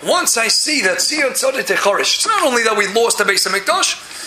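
A man gives a lively Talmud class and keeps bursting into loud, emphatic stretches. His voice sits very high and cuts through sharply. The room around him rings with echo and a faint hiss. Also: a little fast. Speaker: Torah teacher.

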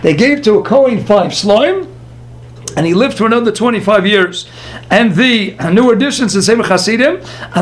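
Male rabbi, very high pitch, lively Torah lecture that reads Hebrew sources and translates them as it goes. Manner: lively storyteller, quick asides to the listeners. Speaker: rabbi teaching a class.

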